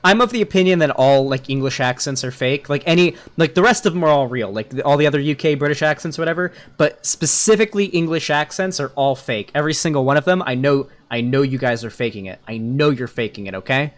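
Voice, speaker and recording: A man's voice: mid-range voice, fast, hardly any pauses. A man casually reacting to a video clip, mocking it and swearing freely. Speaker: political commentary youtuber.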